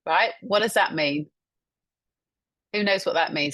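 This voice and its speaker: Her voice sits on the low side and has a fairly bright tone; she speaks unhurriedly and pauses often. A communication trainer presenting a webinar on a video call, she's encouraging and illustrates her points with examples she repeats back.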